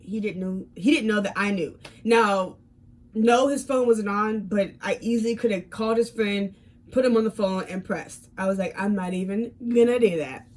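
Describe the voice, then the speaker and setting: A woman in her twenties telling a casual storytime vlog, animated, with many fillers and repeated words, swinging from calm to heated. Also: mid-range voice, normal speed. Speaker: fitness vlogger.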